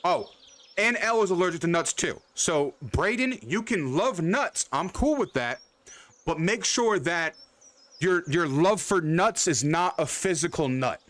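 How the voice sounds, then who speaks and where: A man's voice: high voice, animated, unhurried, a bit bright. A young man hosting a game livestream, chatting loosely with viewers by name, rambling, repeating himself and swearing freely. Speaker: livestream host. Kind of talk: casual chat with live chat.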